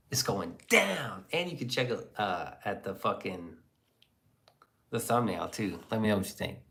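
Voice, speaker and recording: A man on the low side with a fairly bright tone hosts a livestream, casually chatting and reading comments from viewers. His talk is rambling, joking and crude.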